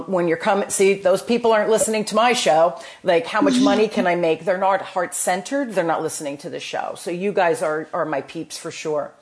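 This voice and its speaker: A woman with a New Jersey accent, hosting a podcast and giving enthusiastic, motivational talk full of restarts. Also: lowish voice. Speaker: podcast host. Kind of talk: casual chat.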